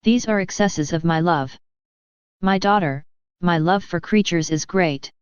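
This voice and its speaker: A woman giving a measured, even devotional reading. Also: lowish voice, smooth, dry recording. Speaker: reader. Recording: slightly dull lo-fi recording.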